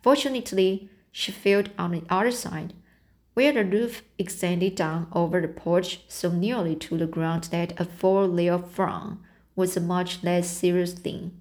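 A woman reading a novel aloud as an audiobook, in a halting way with frequent restarts. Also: lowish voice, fairly even intonation, darkish tone. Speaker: audiobook reader.

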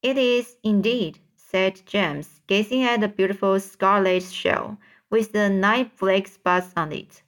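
A woman reading a children's book aloud, unhurried, with occasional stumbles and self-corrections. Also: medium pitch, a bit bright. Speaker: storyteller.

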